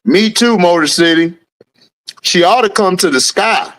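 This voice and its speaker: A man with a high-pitched voice hosts a laid-back livestream, greeting viewers by name and laughing through his replies. He takes his time and speaks. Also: unhurried, a bit bright. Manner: reads out viewer names and answers chat, laughs often. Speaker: livestream host. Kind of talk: casual live-chat commentary.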